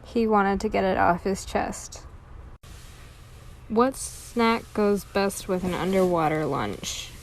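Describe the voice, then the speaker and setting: A woman's voice: mid-range voice, slow pace, a little hiss or hum, rough recording. A woman reading corny jokes aloud and groaning at her own puns. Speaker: joke teller.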